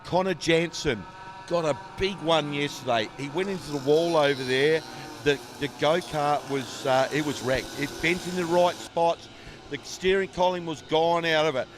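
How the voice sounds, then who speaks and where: At an outdoor dirt kart track, a man with a slightly high voice chats at normal speed as co-commentator, with noise in the background. He rambles through casual stories, leaning on fillers.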